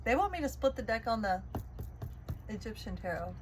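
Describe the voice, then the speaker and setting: A woman tarot reader talks in a chatty, encouraging way and keeps checking in with the listener. Her voice sits on the higher side. Faint background noise runs under her speech. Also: very animated, normal speed. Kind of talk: spiritual tarot reading.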